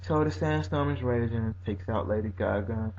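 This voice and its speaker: A man talks through a video game match in a loose, chatty way, breaking into startled exclamations as it plays out. His voice sits in an ordinary middle pitch. The recording is dull and lo-fi, with a faint hum underneath. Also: moderate pace. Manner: animated, reacts with exclamations. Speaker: gaming commentator. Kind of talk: casual battle commentary.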